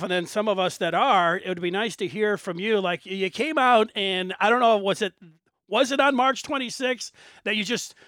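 A man's voice: sits high, a bit bright, dry recording. A man hosting a casual interview, asking long winding questions in a friendly way. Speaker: radio host.

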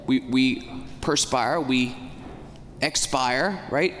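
A man preaching a homily as a priest, talking in a conversational way, asking the congregation questions and slowing down to stress key words. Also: on the high side, animated, fairly bright tone, a little hiss or hum. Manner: slows down and stretches key words for emphasis. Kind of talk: sermon. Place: church. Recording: long church reverb, faint ambience.

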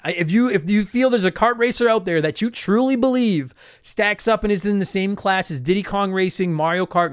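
A man hosting his own podcast in casual solo chat, animated and emphatic, swearing freely as he talks. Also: high-pitched, no echo, clean studio sound. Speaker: podcast host.

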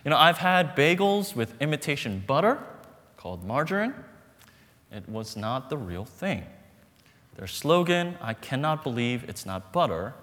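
A man preaching a sermon at a mid pitch, his voice carried by the long reverb of a large hall. He tells everyday stories with humor and dramatic pauses to make his point. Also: very animated, fairly bright tone. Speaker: pastor.

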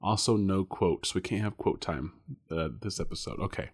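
A man with a fairly low voice co-hosting a casual podcast. He rambles, restarts his sentences and fills pauses with ums and uhs, laughing easily as he goes. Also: husky. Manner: chatty, rambling with many fillers and restarts, laughs often. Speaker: podcast co-host guessing films.

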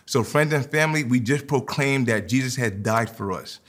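A man's voice: medium pitch, normal speed, fairly bright tone. Preaching man. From New York. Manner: preaching, repeats phrases, storytelling with quoted dialogue. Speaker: pastor. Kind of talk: sermon and personal story.

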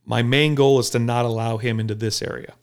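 Gravelly-voiced, blunt, profane man. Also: medium pitch, fairly quick. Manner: blunt, profane, animated storytelling. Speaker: police officer. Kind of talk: casual podcast talk.

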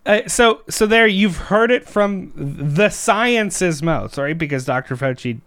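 A man's voice: high-pitched, lively intonation, slow, a bit bright, clean tone, dry recording, clean studio sound. A man co-hosting a political commentary podcast, talking in an emphatic, sarcastic way. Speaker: podcast co-host.

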